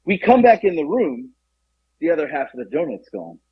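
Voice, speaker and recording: A man co-hosting a podcast, telling a story in casual chat, animated and profane, acting out the voices of other people. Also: fairly high pitch, moderate pace, breathy edge, no echo, dull audio. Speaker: podcast co-host.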